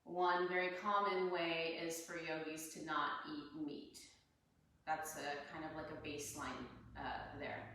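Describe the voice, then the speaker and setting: A woman yoga teacher leading a class, talking students through their breathing in a calm, unhurried way. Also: low voice, slight background noise. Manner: calm, unhurried guidance with soft laughs. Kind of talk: guided breathing instruction. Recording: echoey room, voice a bit far from mic.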